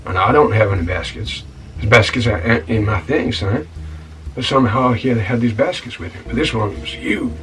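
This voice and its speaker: A man's voice: medium pitch, a bit bright, recorded from a distance, lightly acted, rough recording. A man playing a rambling, put-upon scoundrel barkeep. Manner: rambling, indignant storytelling with stammered restarts, calling the listener "son". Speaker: title character of a comedy-drama web series. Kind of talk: comic monologue. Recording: voice a bit off-mic, with music behind.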